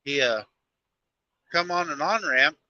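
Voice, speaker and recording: Trucker guy rambling on a live stream from his cab, bright tense voice, kinda dull lo-fi sound. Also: a little high, measured pace, a little hiss or hum. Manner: rambling storyteller, folksy talk. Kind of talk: casual live-stream chat while driving.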